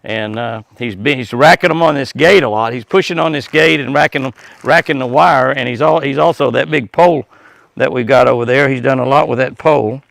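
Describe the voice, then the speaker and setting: A man's voice: medium pitch, a little fast, creaky, a bit bright, no echo. An older man chatting outdoors by an animal pen at dusk, folksy and chuckling as he talks to the deer. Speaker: ranch vlogger. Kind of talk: casual outdoor vlog narration.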